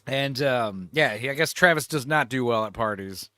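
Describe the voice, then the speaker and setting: A man's voice: mid-range voice, animated, moderate pace, bright, forceful tone, no room sound, studio quality. A man co-hosting a casual film chat, telling the story animatedly and laughing often. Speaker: podcast co-host.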